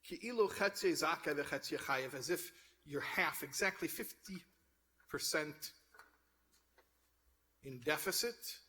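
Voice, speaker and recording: A man delivers a sermon built around a told joke, moving from storytelling into increasingly fervent exhortation of his listeners. His voice is a little high, bright, and forceful, at a slow pace with frequent pauses.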